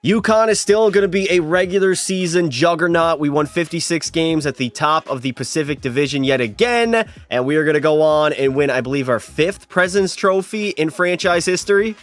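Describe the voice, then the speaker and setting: A man's voice: on the high side, fairly quick, hardly any pauses, faint music behind. A young man live-streaming a hockey video game, chatting and teasing his viewers as he plays. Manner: chatty, teasing, banters with chat.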